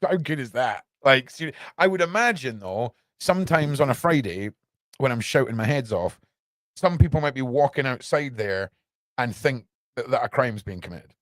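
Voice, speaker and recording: Animated British man, rambling commentary. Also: mid-range voice, normal speed, no room sound. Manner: animated and rambling, full of rhetorical questions. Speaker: podcast host. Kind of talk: casual news commentary. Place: small room under the stairs at home.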